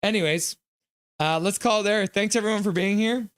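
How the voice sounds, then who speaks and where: High-voiced and speaking at normal speed with a clean tone, this man keeps his casual hockey livestream friendly and jokey. He chats, reads chat messages aloud and thanks donors. No room sound can be heard.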